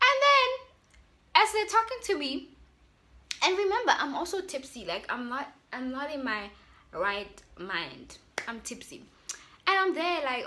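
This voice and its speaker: A woman's voice: high-pitched, very animated, unhurried, pauses often, sharp tone, slight background noise. A young South African woman with an accent, chatting animatedly to her viewers as she tells a storytime. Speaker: YouTuber. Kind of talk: casual storytime.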